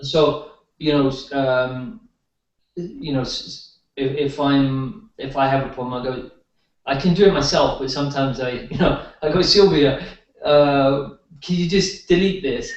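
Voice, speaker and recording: A man's voice: medium pitch, measured pace. A man telling rambling stories in casual conversation, with many restarts, as a guest healer. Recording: roomy dull sound from far off.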